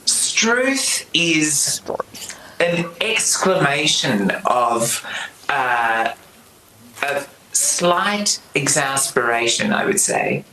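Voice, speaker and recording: Brief: flamboyant British male guest, bright forceful voice, roomy remote link with faint hiss. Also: mid-range voice, expressive, extremely slow. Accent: British English. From Britain. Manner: theatrical, savouring ornate words.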